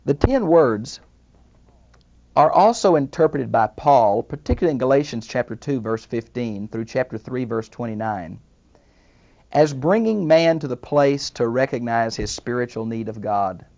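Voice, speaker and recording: Older male Bible teacher, gravelly, studio lesson, dull sound. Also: medium pitch, lively intonation, dark tone. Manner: thoughtful, unhurried lecturing with asides. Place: small recording studio.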